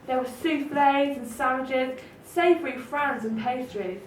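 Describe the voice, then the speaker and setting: High-voiced woman reading a children's story. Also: measured pace, slight background noise. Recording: roomy, distant mic, faint ambience.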